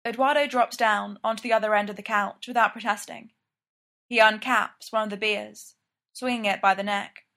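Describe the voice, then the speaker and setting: A woman narrating a story in a steady, even storytelling manner. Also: mid-range voice, moderate pace. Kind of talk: scripted narration.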